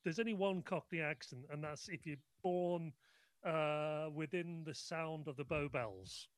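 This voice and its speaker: Man, talk show guest, jovial, bantering, a bit high-pitched, dry sound. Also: measured pace, clear, resonant tone, no room sound. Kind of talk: casual talk show conversation.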